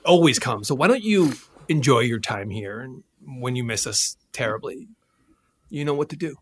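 Husky, deadpan man. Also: medium pitch, normal speed. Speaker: improv performer, ghost leader. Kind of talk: improvised comedy scene.

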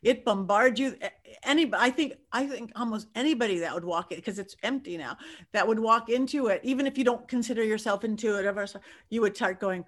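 A woman psychic guest telling stories in a lively, animated chat, acting out the quotes with big jumps in pitch. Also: fairly quick.

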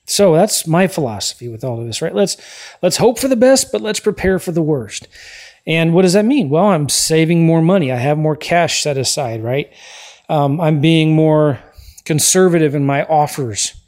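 A man hosting a podcast, giving emphatic motivational advice and often checking in with a quick "right?". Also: fairly high pitch, animated, darkish tone. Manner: emphatic, repeats key points, frequent "right?" tags. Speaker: podcast host.

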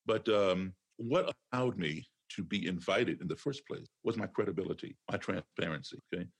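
A man with a low, gravelly voice and a husky edge talks as a podcast guest. He is emphatic and drives his points home by repeating key phrases like a practiced lecturer. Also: moderate pace. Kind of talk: conversational interview.

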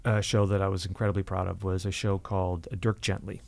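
A man, an actor, telling stories from his career in a casual interview, animated and laughing at himself. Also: low voice, brisk, vocal fry, dry recording. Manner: animated anecdotes with self-deprecating laughs. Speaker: actor and podcast guest.

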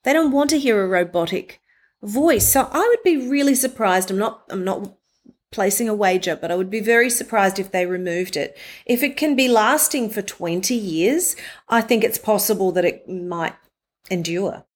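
A woman, a voiceover artist talking as a guest in an interview and telling stories in a lively way. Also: medium pitch, normal speed. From Australia. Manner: animated storytelling, acts out quoted friends. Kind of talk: conversational interview.

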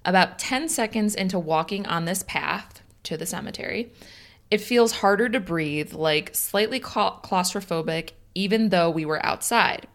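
A woman's voice: mid-range voice, moderate pace. A woman with a Chicago accent co-hosting a casual podcast, chatting and reading a listener's story aloud with easy laughs and short dry replies. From Illinois. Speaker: podcast co-host.

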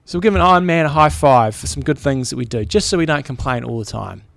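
A man's voice: medium pitch, fast talker, creaky, fairly bright tone, a little hiss or hum. A man in his forties co-hosting a podcast in easygoing casual chat, reading listener stories aloud. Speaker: podcast co-host.

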